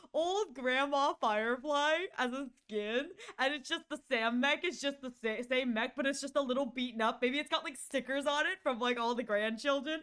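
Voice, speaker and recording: A high-pitched woman streamer chats casually with her viewers into a desk mic. Her voice is smooth and clear, and she giggles, rambles and stumbles over restarts in a playful way. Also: fairly bright tone.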